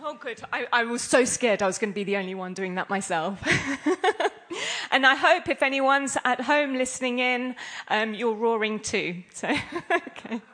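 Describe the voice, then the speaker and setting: Woman leading a scripture class, playful, keeps quizzing the room, voice a bit high. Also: measured pace, fairly bright tone. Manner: playful, laughing, quizzes the audience. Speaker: class speaker.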